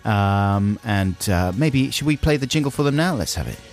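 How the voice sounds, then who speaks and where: A man's voice: lowish voice, animated, normal speed, over loud music. A man co-hosting a radio show, bantering casually and laughing often. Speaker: radio co-host.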